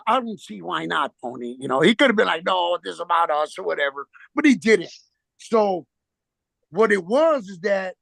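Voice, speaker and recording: His voice is high-pitched, creaky, and fairly bright as he spins rambling, foul-mouthed street-slang tales over a phone video call, voicing each side of the conversation. The audio is dry.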